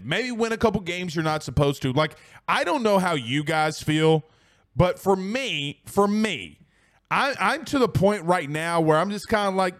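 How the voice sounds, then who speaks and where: A man hosting a casual sports show, reading out listener comments, excitable with frequent laughs and rambling restarts. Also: a little high.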